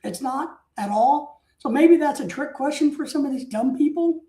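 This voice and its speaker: A man's voice: extremely high pitch, normal speed, warm tone. A man telling stories in a rambling, casual way, drifting off topic and breaking into mock outrage. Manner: talkative, wanders off topic. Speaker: streamer. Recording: roomy echo.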